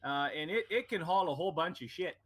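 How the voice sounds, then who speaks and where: A man's voice: fairly high pitch, animated, quick pace, fairly bright tone. A man voicing a chatty, friendly male shopkeeper who rambles and keeps tagging his lines with "eh". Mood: folksy. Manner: folksy, rambling, tags lines with "eh".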